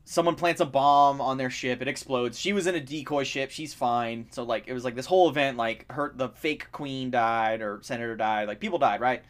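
A man's voice: mid-range voice, normal speed, few pauses, fairly bright tone. A man in casual conversation about a film, rambling with many fillers, swearing and acting out lines from scenes. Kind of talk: casual movie discussion chat.

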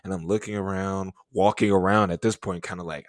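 A man's voice: deep voice, a little fast, few pauses, no echo, studio quality. A man hosting a podcast, telling a story in casual chat and animatedly acting out what people said. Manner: animated, acts out quotes with laughs and whispers. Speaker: podcast host.

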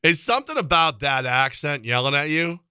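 A man's voice: fairly high pitch, big pitch swings, normal speed, bright, forceful tone, clear, resonant tone, no echo. A man co-hosting sports talk radio, joking and sarcastic in banter on a studio microphone. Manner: joking, sarcastic, laughs along.

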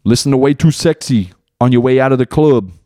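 His voice mid-range and warm, fairly quick, a young US podcast host and novice stand-up comic chats loosely by himself on his show. The clean, dry studio recording captures rambling talk full of slang and cursing.

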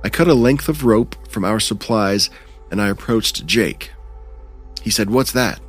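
A man narrating a first-person horror story in a measured, tense way. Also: lowish voice, animated, breathy edge, soft background music.

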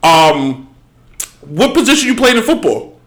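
A man's voice: sits high, very animated, a little slow, a bit bright. A man from the Bronx, hosting a podcast in a laid-back, joking way with streetwise slang. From the Bronx, New York. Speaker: podcast host. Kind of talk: casual podcast chat.

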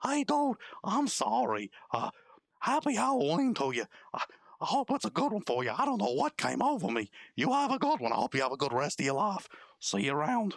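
Male co-host, gravelly husky voice, brash and mouthy, very wide pitch swings. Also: wildly swooping pitch, brisk, no room sound, clean studio sound. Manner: brash, mouthy teen bravado. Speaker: podcast co-host. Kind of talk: comedic improv skit.

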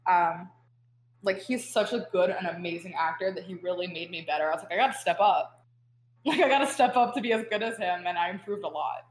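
A woman's voice: lowish voice, a little fast, roomy sound, rough recording. A young woman talking casually as a guest, telling a story in a chatty, rambling way full of fillers and laughter. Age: young adult. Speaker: guest student. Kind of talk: casual chat.

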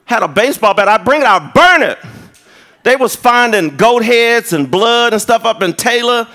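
Animated Texan preacher, lively and bright. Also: male voice, very high voice, moderate pace. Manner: animated storytelling with shouted quotes. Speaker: pastor. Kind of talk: sermon.

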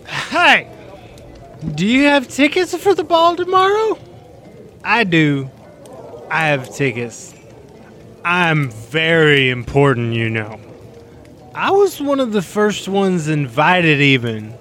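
Smarmy drunk nobleman, woman reading, low and swaggering, faint music under. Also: sing-song, slow, long pauses, a bit bright, full character voice. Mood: bragging. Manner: bragging, clumsy smooth talk. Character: boastful drunk well-dressed man, smarmy.

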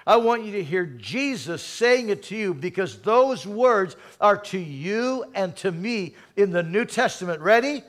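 A male pastor preaching a sermon, calling out to the congregation and swinging from soft murmurs to loud exhortation. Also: high voice, animated, unhurried, few pauses. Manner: preaching with call-and-response and dramatic swings in volume.

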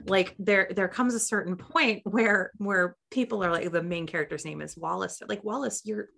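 A woman co-hosting a podcast, talking in an animated way and laughing often. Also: lowish voice, moderate pace, gravelly. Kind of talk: casual chat.

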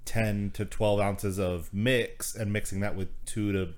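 A man in a casual chat, explaining details in a measured, matter-of-fact way. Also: lowish voice, fairly even intonation.

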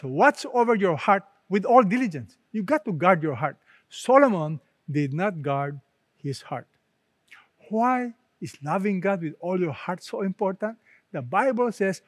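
A man delivers a sermon in a fairly high voice, pressing hard on key words and then letting his phrases fall away soft and low. The sound is dry and close, with no room around it. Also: no echo. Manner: emphatic preaching, drops to soft low tones to close phrases. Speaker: pastor.

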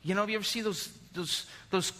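A high-pitched male pastor preaches in an animated way, rising to shouts and then dropping low. His bright, forceful tone carries through a church sanctuary with a long, echoing reverb. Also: fast talker. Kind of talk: sermon.

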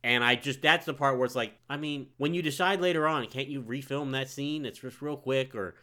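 A man co-hosting a movie podcast who is blunt and swears a lot. His voice is bright and edgy, and his pitch sits in a middle range. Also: a little fast. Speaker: podcast co-host. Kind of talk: casual movie review chat.

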